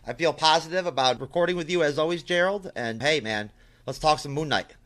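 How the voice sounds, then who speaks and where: A man's voice: a little high, brisk, fairly bright tone. A man chatting as a podcast guest, laid back and chatty with many fillers. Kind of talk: casual chat.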